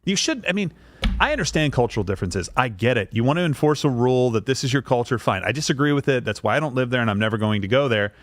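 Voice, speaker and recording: A man's voice: mid-range voice, lively intonation, fast talker, no echo. A man co-hosting a podcast, talking in an emphatic, opinionated way. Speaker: podcast co-host. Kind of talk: casual chat.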